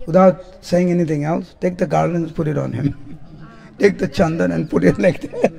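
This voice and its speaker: A man, telling devotional stories as a spiritual teacher, animated and often laughing as he acts out what people said. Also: a little high, moderate pace, creaky. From India. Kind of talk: devotional storytelling lecture. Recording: long hall reverb.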